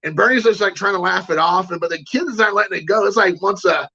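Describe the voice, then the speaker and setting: A man's voice: high-pitched, fast talker, gravelly, pushed and bright, breathy edge, lo-fi sound. A man hosting a collecting show, telling a rambling anecdote in casual chat and greeting viewers. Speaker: card collecting show host.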